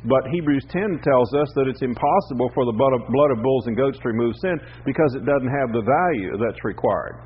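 A man preaching a teaching sermon, speaking in a measured way with frequent "uh" pauses. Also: medium pitch, breathy edge. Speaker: pastor. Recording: slightly dull recording with faint background noise.

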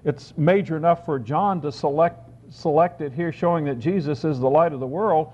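A man giving a sermon, reading scripture aloud and explaining it, slowing down to stress key phrases. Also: fairly high pitch, mellow. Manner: deliberate, slows for emphasis on key phrases. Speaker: preacher. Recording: dull lo-fi recording.

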